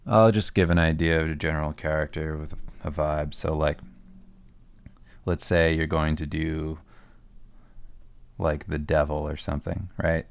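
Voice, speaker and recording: A man with a very low, gravelly voice that barely moves in pitch talks casually on a livestream, answering viewer questions about his art. He rambles in a relaxed way, full of fillers and restarts, and his voice sounds close and dry. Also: measured pace, pauses often, no room sound. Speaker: comic artist and podcast co-host.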